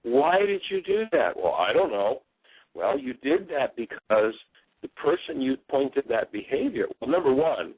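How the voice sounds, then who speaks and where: A man's voice: on the low side, no room sound. A man hosting a radio talk show, earnestly explaining ideas and acting out the people he quotes. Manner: earnest, explanatory, acts out quotes in other voices. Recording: dry phone-line sound.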